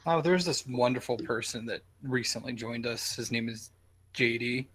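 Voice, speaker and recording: A man's voice: medium pitch, moderate pace, fairly bright tone, a little hiss or hum. A man chatting on a group call as a guest artist, coy and teasing as he hints without telling. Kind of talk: casual group chat on a call.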